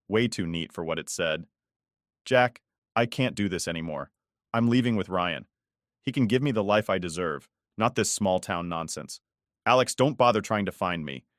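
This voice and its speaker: A man reads a first-person story as scripted narration, his voice sitting on the low side. He keeps a steady, even storytelling pace. The sound is close and dry, with no room around it. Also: dry recording.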